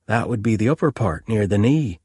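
An eager young constable with a raised, keen voice, as a deep-voiced narrator puts him on. He is polite and deferential, with a husky grain left in the voice. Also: animated, a little fast, warm tone, dry recording, studio quality.

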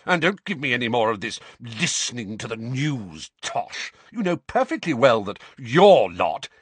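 A man voicing a blustering, furious middle-aged uncle whose snarls shoot up high and strained. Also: very animated, unhurried, slightly rough, dry recording.

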